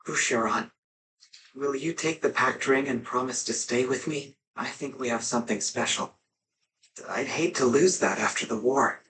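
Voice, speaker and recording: A man voicing a soft-spoken, sincere young hero. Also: medium pitch, normal speed, slight background noise, lightly acted, poor audio. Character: kind, composed young male hero.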